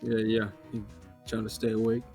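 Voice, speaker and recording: A man's voice: lowish voice, completely flat delivery, normal speed, gravelly, mellow, faint music behind. A man streaming a game live, chatting casually, rambling and swearing as he jokes with a friend.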